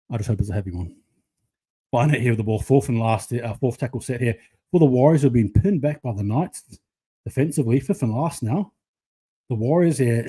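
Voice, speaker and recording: Broadcasting from his own channel, a man chats his way through a rugby league match live, excitable and casual. His medium-pitched voice has a breathy edge.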